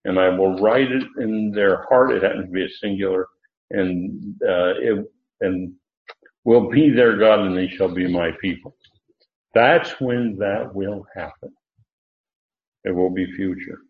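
A man gives a slow, unhurried Bible lesson, stopping often and restarting his sentences. His voice sits a little low. The sound is thin and phone-like, and it echoes around the room. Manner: halting, many fillers and restarts, stresses emphatic words. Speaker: Bible teacher. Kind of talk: verse-by-verse Bible teaching.

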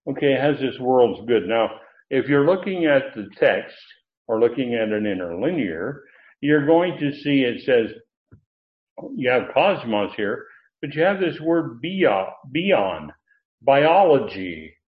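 A man's voice: medium pitch, sing-song, slow pace. A man preaching an expository sermon, teacherly, lifting his voice to stress key words. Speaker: pastor. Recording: tinny phone-like audio.

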